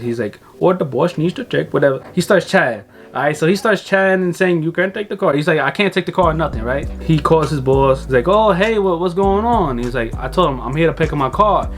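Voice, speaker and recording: A young man vlogging about cars, telling a story casually and animatedly, swearing freely and acting out what other people said. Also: medium pitch. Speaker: car vlogger.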